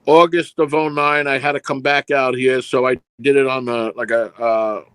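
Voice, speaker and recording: A man's voice: medium pitch, fairly even intonation, moderate pace, a bit bright, clear, resonant tone, no echo. A middle-aged man, a film producer being interviewed, telling long rambling anecdotes and acting out the dialogue in them. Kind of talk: casual storytelling interview.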